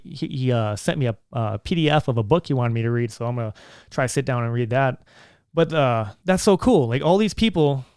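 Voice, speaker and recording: A man's voice: medium pitch, darkish tone, smooth, no room sound, studio quality. A man hosting his own podcast, talking in a casual, earnest and rambling way. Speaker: podcast host.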